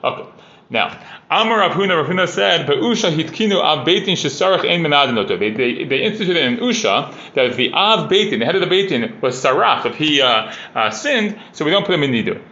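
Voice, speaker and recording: A man teaches a casual Talmud class, reading Aramaic passages and explaining them in plain English, his conversational talk full of "like" and "you know." His voice is a little high, very animated, a little fast, pushed and bright, in a dull, roomy recording.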